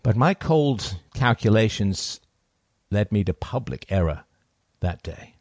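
A man telling a first-person story in a cold, deliberate, sardonic way. His pitch swings widely as he moves through the lines, and the sound is dry and close. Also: expressive, darkish tone, dry recording, dull audio.

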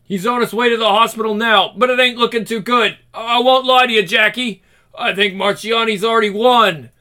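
A man's voice: high voice, fairly even intonation, moderate pace, pushed and bright. A man voicing a panicked male mob crony who talks in a frantic, rattled rush.

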